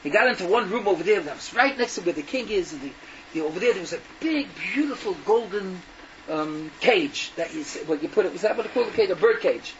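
An older man tells a folk tale in a high voice, sprinkling in Yiddish phrases and restarting mid-sentence. He jumps between characters with lively energy. The recording is dull and lo-fi with faint hiss underneath. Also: fast, far from the mic. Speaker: storyteller.

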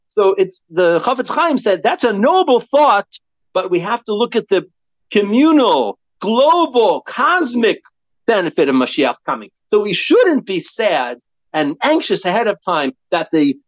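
A man with a high, lively voice gives a Torah lecture, bouncing through questions and answers. The recording is dry and a bit dull, with little room sound. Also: dry recording. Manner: animated, acts out quoted voices, asks and answers himself. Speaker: Torah teacher.

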